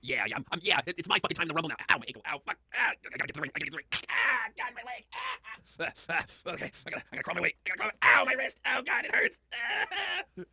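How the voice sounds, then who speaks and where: A man's voice: a little high, expressive, racing, pushed and bright, slight background noise, full character voice. A man voicing an injured male wrestler crawling and whimpering in pain. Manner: groaning, whimpering.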